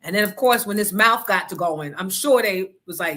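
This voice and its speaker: A woman hosting a radio show, telling a story in a loud, animated, profane and blunt way. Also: mid-range voice, moderate pace, few pauses. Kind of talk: casual storytelling rant.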